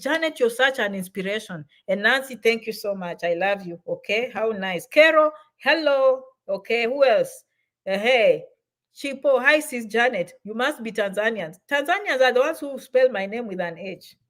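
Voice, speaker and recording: A middle-aged woman hosting a casual livestream, reading out viewers' comments and answering their questions warmly. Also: fairly high pitch, lively intonation, normal speed.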